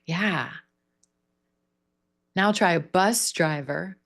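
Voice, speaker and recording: A woman coaching pronunciation over a video call, speaking slowly and deliberately. She models each word with heavy, exaggerated stress. Her voice sits a little low. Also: expressive, gravelly. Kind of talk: online pronunciation class.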